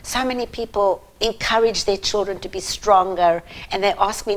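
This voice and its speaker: A woman speaking directly to parents, giving earnest, emphatic advice about children's anxiety. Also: mid-range voice. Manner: earnest, emphatic, slow and deliberate. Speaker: parenting advisor. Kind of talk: direct-to-camera advice talk.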